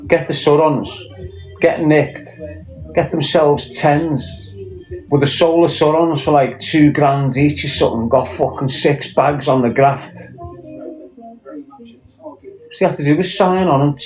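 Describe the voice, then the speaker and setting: A man's voice: fairly high pitch, a little slow, pauses often, soft background music, low-quality recording. A Scouse man talking bluntly in casual chat, swearing often and firing off rhetorical questions. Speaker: podcast guest.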